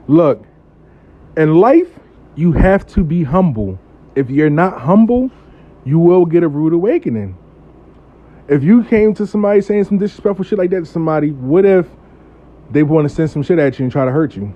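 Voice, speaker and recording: A man tells a casual story with blunt, cussing energy, his voice sitting fairly high and swinging up and down a lot. The audio is dull and a bit lo-fi. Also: moderate pace, long pauses. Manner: profane, blunt, animated, acts out the voices. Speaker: spiritual worker telling a client story.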